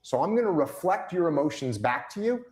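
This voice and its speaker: Middle-aged guy talking it through, acts out the lines, kinda high voice, echoey room. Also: big pitch swings, a little fast, a little mellow. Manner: acts out quoted dialogue, emphatic repetition. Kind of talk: animated explaining with acted-out examples.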